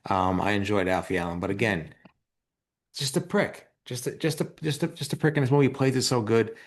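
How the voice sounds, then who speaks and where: A deep-voiced man giving his opinions on a film with friends. He circles back and repeats himself and leans hard on his points. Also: brisk. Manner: rambling, repeats words, emphatic. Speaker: podcast co-host. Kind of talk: casual movie chat.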